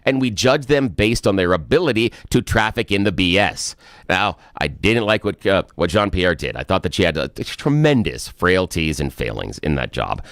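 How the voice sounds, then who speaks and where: Talk radio co-host, middle-aged man, low voice, fired-up and indignant, dry studio sound. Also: big pitch swings, moderate pace, fairly bright tone, no echo. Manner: emphatic, indignant ranting.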